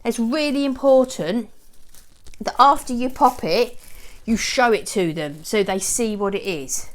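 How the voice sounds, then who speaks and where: A woman's voice: a little high, a little slow. A woman chatting as she shows how she trains her dogs, rambling and often cheering them on. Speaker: dog owner showing training. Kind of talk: casual how-to vlog.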